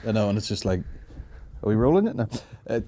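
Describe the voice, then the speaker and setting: A man's voice: lowish voice, big pitch swings, a little fast, mellow, a little hiss or hum. A man hosting a podcast, chatting casually in sweary, riffing banter. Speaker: podcast host. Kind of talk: casual comedic chat.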